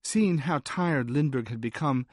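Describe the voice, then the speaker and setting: A man reading a nonfiction history aloud as an audiobook narrator, measured and wry. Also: mid-range voice, dry recording. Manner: measured, dry storytelling with wry asides.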